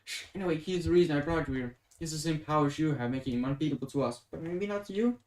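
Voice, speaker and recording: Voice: mid-range voice, fast talker, darkish tone, close to an everyday voice. A reader voicing a guilty but determined young woman, speaking in an urgent, coaxing and apologetic way. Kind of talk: dramatic reading of a webcomic. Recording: roomy echoing room.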